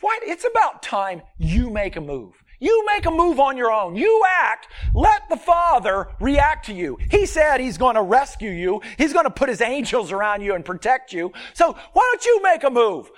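Guy doing a pushy devil voice, high and swooping, coaxing then yelling, sermon bit. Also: very animated, moderate pace, hardly any pauses, exaggerated voice. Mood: goading. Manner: coaxing, pushy, insistent, rising to shouts. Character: smooth-talking male devil tempting Jesus. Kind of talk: sermon retelling with acted voices.

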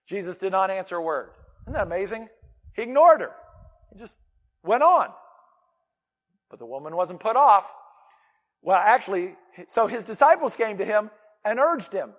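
A male pastor preaching with a high-pitched voice. He is animated and emphatic, breaking off into casual asides to his listeners. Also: moderate pace, pauses often. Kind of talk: sermon.

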